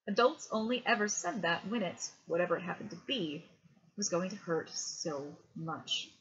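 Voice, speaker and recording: A woman reading a novel aloud as a bedtime story, in a hushed, measured way. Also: lowish voice. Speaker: reader. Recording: dull lo-fi home recording.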